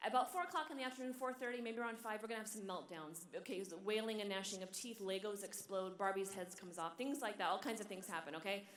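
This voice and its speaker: Animated woman preaching in an echoey hall. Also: mid-range voice, fast, hardly any pauses. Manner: animated storytelling, drops to a near whisper in tender moments. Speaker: religious sister and conference speaker. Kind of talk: sermon. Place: large hall.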